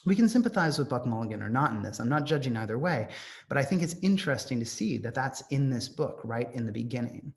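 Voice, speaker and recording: A man's voice: mid-range voice, very animated, fast talker. A man giving an informal literature lecture, talking off the cuff in a conversational way with frequent ums.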